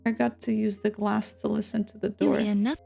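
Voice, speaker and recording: A woman's voice: mid-range voice, level tone, creaky, dark tone, no room sound. A woman streaming a game, chatting and reading its text aloud with stumbles and restarts. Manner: unhurried, reads with stumbles and restarts. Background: faint game music.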